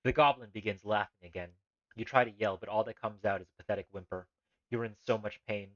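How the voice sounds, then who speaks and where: A man's voice: fairly low pitch, fairly even intonation, fast talker, no room sound, dull audio. A man streaming a text adventure live, reading the game's text aloud and making rambling, laughing asides.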